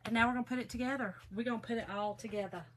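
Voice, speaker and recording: A woman's voice: on the high side, very fast, a little hiss or hum, poor audio. A middle-aged woman, hosting a casual craft livestream in a folksy, chatty way and greeting viewers by name.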